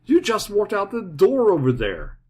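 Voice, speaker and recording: A man's voice: high voice, huge pitch swings, normal speed, darkish tone, husky, voice pushed up, exaggerated voice. A man voicing a nervous female shop clerk who stammers in a raised voice. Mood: flustered.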